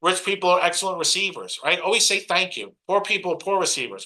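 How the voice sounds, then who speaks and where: A middle-aged man works a crowd from the stage, preaching in short punchy lines and slipping into mock voices to poke fun at excuses. His voice sits fairly high and has a forceful, bright edge. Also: sing-song, fast, hardly any pauses, low-quality recording. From Brooklyn, New York. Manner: preachy, punchy, mocks others in put-on asides. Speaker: motivational speaker. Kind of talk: motivational stage talk.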